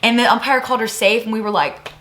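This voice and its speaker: Fast-talking young softball catcher. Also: female voice, a little high. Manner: animated storyteller, heavy use of "like". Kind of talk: casual chat.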